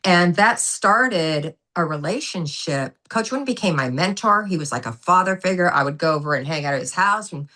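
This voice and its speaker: Bright, animated woman telling stories. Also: lowish voice, normal speed, few pauses. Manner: animated, emphatic storyteller who acts out quotes. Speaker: guest, former gymnastics coach. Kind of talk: storytelling in a podcast interview.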